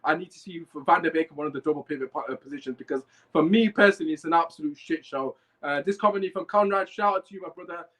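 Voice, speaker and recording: Fired-up young man, high voice. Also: quick pace, few pauses, a bit bright, poor audio. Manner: heated, swearing, fired-up ranting. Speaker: podcast host. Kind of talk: live fan podcast rant, reading chat comments.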